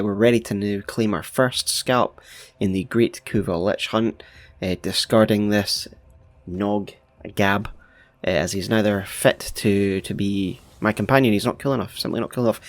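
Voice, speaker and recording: A man's voice: fairly low pitch, normal speed. A man casually commenting on his gameplay as a gaming YouTuber, chatty and laid-back with playful asides.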